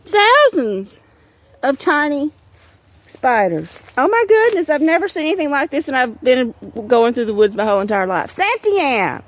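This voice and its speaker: A woman talks into a handheld phone outdoors in the woods. Her voice sits high and bounces up and down in pitch as she coos at her kitten and gushes over what she finds. Insects and crickets chirp faintly behind her. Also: big pitch swings, normal speed. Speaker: vlogger. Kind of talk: casual nature vlog.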